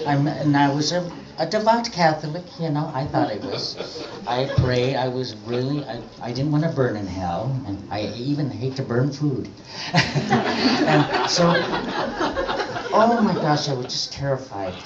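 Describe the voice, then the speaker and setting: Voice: medium pitch, expressive, unhurried, very noisy. An older storyteller from British Columbia with a Nuu-chah-nulth accent, telling a story live in a rambling, self-mocking way and laughing often. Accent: Nuu-chah-nulth (Nootka). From Canada (British Columbia). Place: event venue with a live audience. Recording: roomy distant live recording, dull, audience.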